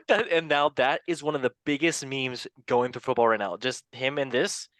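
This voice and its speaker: A man's voice: mid-range voice, unhurried, a bit bright, dry recording. A man hosting a football news show in a casual, rambling, joking way with self-mocking asides. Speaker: show host.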